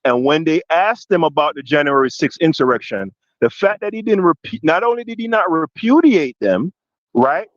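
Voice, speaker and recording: A man's voice: a little high, lively intonation, normal speed, dry recording, muffled recording. Jamaican man, passionate podcast talk. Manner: long winding questions with many restarts and repeated "right?"; grows louder and more forceful when passionate. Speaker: podcast co-host. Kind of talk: heated political discussion.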